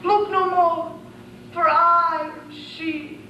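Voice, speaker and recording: A man's voice: very high-pitched, fairly even intonation, measured pace, fairly bright tone, muffled recording, a little hiss or hum. A young man voicing a melodramatic, self-pitying young princess with a swooning, theatrical delivery, recorded from far off in an echoey room. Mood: grand.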